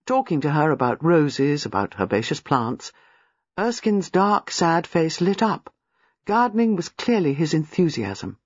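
Lively, husky male audiobook narrator. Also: a little high, unhurried, dry recording. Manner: lively, expressive reading. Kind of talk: scripted narration. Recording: slightly muffled, dry.

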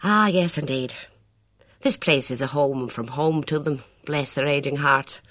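A man's voice: a little high, unhurried, fairly bright tone, no room sound, studio quality. A reader doing a coaxing Irish doorman. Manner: coaxing, folksy. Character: chatty Irish hotel doorman, persuasive.

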